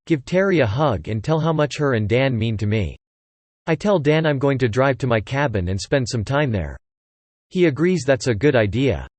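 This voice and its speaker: A man narrates a first-person story in a steady, plain voice and walks through the quoted dialogue without fuss. His voice sits at a middle pitch. The recording is dry and close, with no room sound. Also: no echo.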